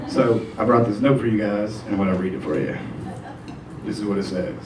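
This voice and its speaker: A man's voice: fairly low pitch, lively intonation, a little fast. A man doing a stand-up comedy set, telling stories loosely with lots of filler words and putting on voices for the people in them. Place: comedy club stage. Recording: roomy, distant club recording with faint noise.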